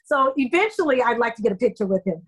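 A middle-aged actress answers interview questions with a rather high voice. She tells her story effusively and with feeling, breaking into animated quoted asides. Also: fast talker, husky, poor audio. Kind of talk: conversational interview.

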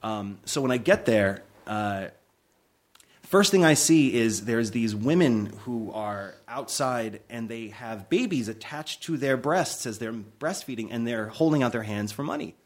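A man in his forties, a film director telling stories in a casual chat, acting out quotes with big jumps in his voice. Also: measured pace. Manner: animated storyteller, acts out quotes with big pitch jumps. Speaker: film director, podcast guest.

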